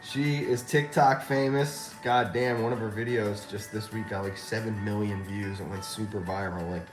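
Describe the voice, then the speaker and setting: A man hosting a casual livestream, talking to his viewers and laughing often as he tells a story. His voice sits at a middle pitch in a roomy, echoey space, with faint music playing behind him. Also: fairly even intonation, normal speed. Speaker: livestream host.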